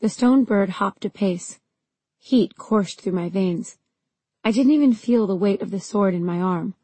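A woman narrating a fantasy audiobook in the first person, telling the story in a steady, even way. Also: mid-range voice, measured pace, breathy edge, no echo, rough recording.

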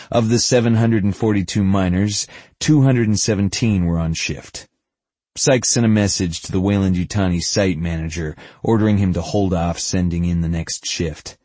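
A man reading a story aloud as an audiobook narrator, steady and even, close to the microphone. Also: sits low, husky, no room sound. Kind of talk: scripted narration.

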